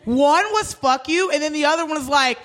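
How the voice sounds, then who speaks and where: Comedic female co-host, high-pitched, animated storyteller who curses and acts out every voice. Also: fast. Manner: animated, swearing, acting out quoted voices. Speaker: podcast co-host.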